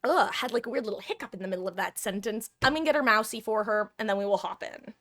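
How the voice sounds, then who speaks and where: A woman's voice: medium pitch, fast, a bit bright. Young woman, twenties, casual live-stream host; loose, chatty, self-deprecating.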